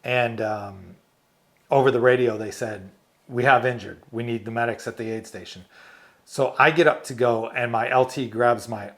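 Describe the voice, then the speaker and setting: A man's voice: mid-range voice, normal speed. A man, a retired army medic from the United States, telling war stories in an interview, acting out the quotes and laughing often. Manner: animated storyteller, laughs often, acts out quotes. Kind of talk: storytelling interview.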